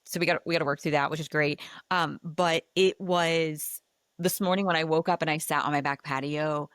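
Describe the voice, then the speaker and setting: A lowish-voiced woman hosts a podcast and talks through a personal story, animated and chatty, with "like" scattered through her sentences. Her close mic sounds dry, with almost no room around her voice. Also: a little fast, smooth, dry recording. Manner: animated, chatty, heavy use of filler "like". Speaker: podcast host. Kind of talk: casual storytelling chat.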